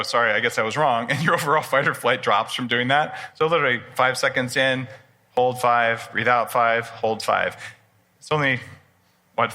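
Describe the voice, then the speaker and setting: A man's voice: mid-range voice, pushed and bright. A man in his forties speaking before a live audience at a personal development expo, casual and enthusiastic, joking with the crowd. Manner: enthusiastic, conversational, jokes with the audience. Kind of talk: live conference talk.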